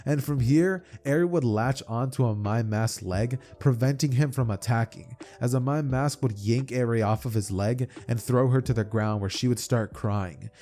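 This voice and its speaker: A man's voice: mid-range voice, normal speed, hardly any pauses, mellow. A man narrating a fan-made anime story in plain, run-on storytelling. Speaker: YouTube storyteller.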